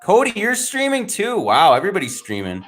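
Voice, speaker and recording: A man's voice: high-pitched, wildly swooping pitch, fairly quick, fairly bright tone. A man with a Canadian accent hosting a casual livestream, greeting chat viewers by name and laughing often. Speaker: livestream host. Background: faint background music.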